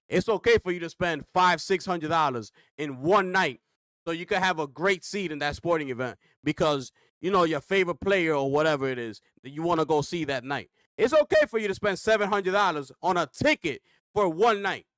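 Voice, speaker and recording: A man's voice: high-pitched, dry recording. Guy ranting on his gaming stream, lots of "why" questions, dry close mic. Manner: animated, rhetorical questions, slangy. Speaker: gaming commentator reacting to a clip. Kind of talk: reaction stream rant.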